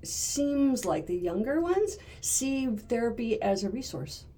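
An older woman, a retired therapist, speaking as a guest in a casual interview and often pausing and repeating words as she gathers her thoughts. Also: on the high side, big pitch swings, dark tone.

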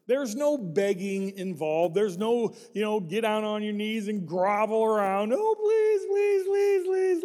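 A man's voice: high voice, a little mellow, in a large hall. A middle-aged male pastor preaching a sermon with a folksy, joking manner and asides to the congregation.

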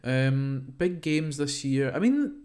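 A man co-hosting a casual podcast chat, bantering quickly and swearing freely. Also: mid-range voice, expressive, a little mellow. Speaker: podcast co-host.

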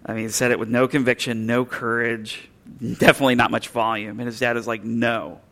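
A male pastor delivers a sermon in a church with a bright, forceful voice. He is earnest and emphatic. He often slows down and drops his voice to let key phrases land. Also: medium pitch, level tone.

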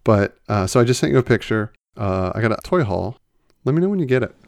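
A man with a low, gravelly voice talks through a casual podcast chat. He rambles along, restarts his sentences and circles back to his points. It sounds like a relaxed co-host just talking. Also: fast talker, dry recording, studio quality. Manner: chatty, rambling, self-correcting.

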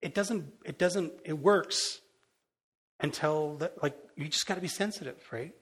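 A man's voice: fairly high pitch, measured pace, a bit bright, breathy edge. A middle-aged man, a pastor, giving a conversational sermon that is candid and self-deprecating, with casual storytelling full of restarts.

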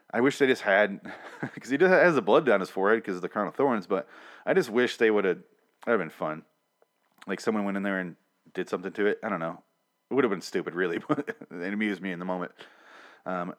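A man casually recapping a TV episode, with blunt, profane rants. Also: fairly low pitch.

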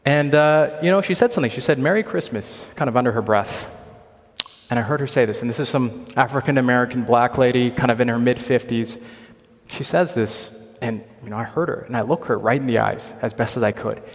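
A young man from Hong Kong preaching a sermon, earnest, asking rhetorical questions and moving between loud emphasis and quiet intensity. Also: medium pitch, a little fast. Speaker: pastor. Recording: long hall reverb.

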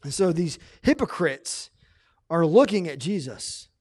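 A man preaching a sermon as pastor, animated, swinging between loud emphatic lines and quiet asides. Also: a little high, measured pace, dry recording.

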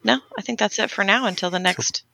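Chatty woman with a bright voice. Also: medium pitch, brisk, creaky, no room sound. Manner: chatty, says like and you know often. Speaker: podcast co-host. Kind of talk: casual chat.

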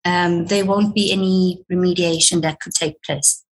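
A woman guest giving workplace advice in a conversational interview, measured and sometimes repeating words as she gathers her thoughts. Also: lowish voice, fairly even intonation. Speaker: workplace and career consultant guest.

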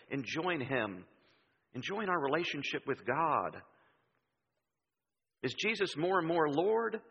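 A man preaching a sermon in a church, telling stories in an animated way and acting out the voices he quotes. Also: mid-range voice, gravelly, husky. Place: church sanctuary. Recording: dull sound with long hall reverb.

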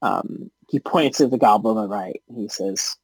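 A man narrating as game master in a casual, halting way with many fillers. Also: fairly low pitch, no room sound.

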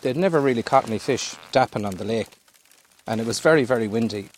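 A man's voice: medium pitch, quick pace, a little hiss or hum. A man, a fishing guide, telling a rambling, easygoing story. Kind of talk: casual storytelling.

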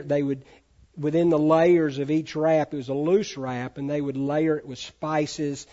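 A man's voice: fairly high pitch, warm tone, muffled recording. A man preaching a sermon in a conversational way, often asking the congregation questions. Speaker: pastor.

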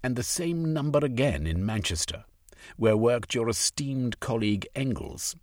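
A man's voice: medium pitch, expressive, normal speed, darkish tone, dry recording, studio quality, voice pushed up, natural voice. A man voicing a passionate young aristocrat turned radical, pleading his case in a storybook reading. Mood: impassioned.

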